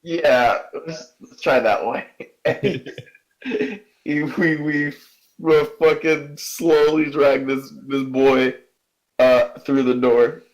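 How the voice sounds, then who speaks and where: A man playing a tabletop game, taking his time and chuckling as he describes his character. His voice sits a little high, and he speaks slowly and casually. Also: steady tone, rough recording. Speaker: player.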